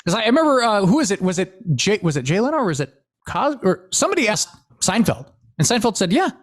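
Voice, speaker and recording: A man co-hosting a casual podcast, his high voice swinging up and down. He laughs often and acts out quotes as he talks. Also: big pitch swings, quick pace. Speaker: podcast co-host. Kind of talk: casual chat.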